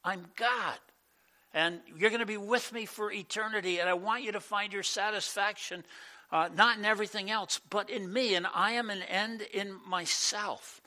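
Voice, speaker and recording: A man voicing God as a loving, patient figure, speaking slowly and solemnly in a sermon. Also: sits high, steady tone, pushed and bright, voice pushed up. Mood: tender.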